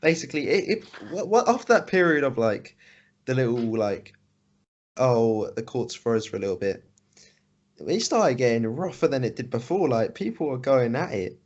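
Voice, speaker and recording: A man's voice: medium pitch, big pitch swings, moderate pace. Young man, laughing, lo-fi podcast audio. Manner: laughs often, swears, does mocking voices of classmates. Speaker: podcast co-host. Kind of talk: casual chat.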